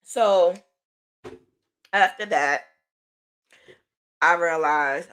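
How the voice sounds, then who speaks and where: A woman hosting a podcast, telling a personal story in a chatty, animated way with informal slang. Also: lowish voice, measured pace. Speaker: podcast host.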